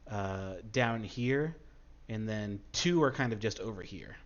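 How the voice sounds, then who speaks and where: Male GM, low voice, halting and casual, dull lo-fi recording. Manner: halting, with many fillers and restarts. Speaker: game master. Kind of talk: narrating a tabletop game.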